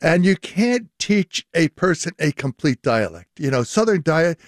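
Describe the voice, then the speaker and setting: Older professor explaining. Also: male voice, a little high, very animated, measured pace, dry recording, studio quality. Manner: explanatory, with fillers and restarts. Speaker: linguistics professor, guest. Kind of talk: radio interview.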